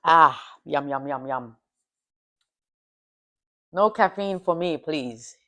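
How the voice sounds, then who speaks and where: A woman's voice: low voice, takes it slowly, fairly bright tone. A woman hosting a live stream, chatting casually and teasing her friends with plenty of laughter. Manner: playful, teasing, laughs often. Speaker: livestream host. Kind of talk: casual chat.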